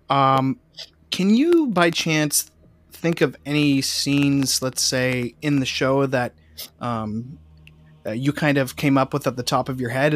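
Laid-back guy interviewer, chill and slangy, lots of yeah and sure. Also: mid-range voice. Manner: casual, affirming, uses slang. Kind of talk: casual interview questions.

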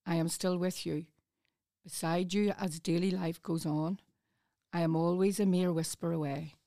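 A woman, a community volunteer, reading a poem aloud in a soft, earnest, unhurried way. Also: lowish voice, steady tone, dry recording, clean studio sound. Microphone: studio microphone.

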